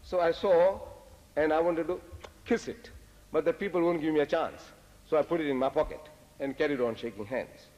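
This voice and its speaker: An older man giving a religious lecture, telling lively, humorous stories and dropping Arabic phrases. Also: a little high, moderate pace, lo-fi sound. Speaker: Islamic lecturer. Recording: echoey lecture hall.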